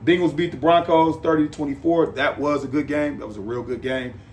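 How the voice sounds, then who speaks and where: A man's voice: a little high, steady tone, fairly quick, a little hiss or hum. A man hosting a podcast, delivering a casual monologue in an emphatic, repetitive, rambling way. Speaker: podcast host.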